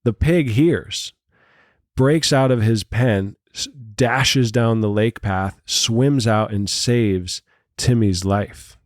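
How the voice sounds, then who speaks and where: A man voicing a sleepy rural male farmer who tells a long tale in a hushed, folksy drawl, with little patience left for his visitor. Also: fairly low pitch, takes it slowly, dry recording, studio quality. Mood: storytelling. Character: sleepy, patient older male farmer, growing short-tempered.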